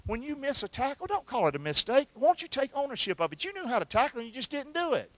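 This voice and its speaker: High-voiced, bright preacher man. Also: very animated, fast, few pauses, no room sound. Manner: call-and-response preaching, asks the congregation to answer. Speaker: pastor. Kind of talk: sermon.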